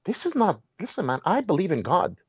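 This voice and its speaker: Husky guy ranting and telling stories, voice jumps all over, dull muffled sound. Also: high-pitched, brisk, no echo. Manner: animated storyteller, repeats and restarts words, exclaims. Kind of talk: heated casual conversation.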